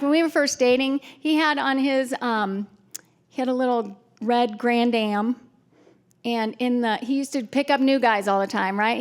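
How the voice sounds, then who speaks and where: Woman speaker at a retreat, fairly high voice with some vocal fry, tells personal stories candidly and laughs at herself. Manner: candid, self-mocking storyteller with frequent laughs and fillers. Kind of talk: personal talk to an audience. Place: retreat conference hall.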